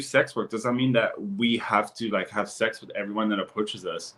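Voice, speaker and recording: A young man with a French accent, a guest telling stories in blunt, profane, animated casual chat full of fillers. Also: lowish voice, moderate pace. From France.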